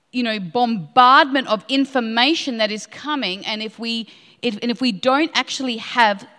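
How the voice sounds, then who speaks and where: A woman with a fairly high voice preaches a passionate sermon, driving her points home by repeating them. The sound carries a long reverb, as if picked up in a church hall. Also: pushed and bright. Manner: impassioned, repeats lines for emphasis.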